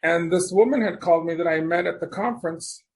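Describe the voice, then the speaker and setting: A man as a podcast guest, telling stories in a rambling, animated way and often restarting his sentences. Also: fairly high pitch, brisk. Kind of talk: casual storytelling conversation.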